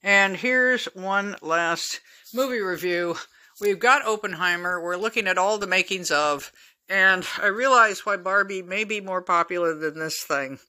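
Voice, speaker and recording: A woman's voice: mid-range voice, unhurried, bright, forceful tone. Blunt, profane woman podcaster. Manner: blunt, profane, opinionated, chuckling asides. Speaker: podcast host. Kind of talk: casual solo podcast monologue.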